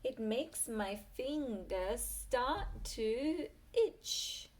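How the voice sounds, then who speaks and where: A lanky, greedy storybook crook, eager to get rich, as a woman reads him aloud. He speaks slowly and gleefully, in a fairly high voice. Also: lively intonation. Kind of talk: reading a picture book aloud.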